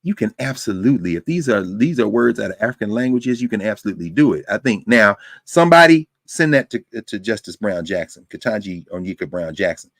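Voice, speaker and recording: A man lecturing to a university class, talking in a lively, conversational way with frequent asides to his students. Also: on the low side, fairly quick, hardly any pauses, no echo. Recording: dry close sound.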